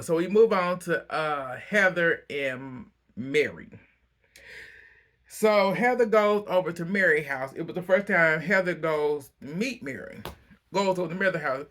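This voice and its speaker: Chatty man giving a gossipy recap. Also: a little high. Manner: animated storyteller who acts out quotes in a raised voice; loose, chatty delivery with many fillers and slang. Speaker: reality show recap vlogger.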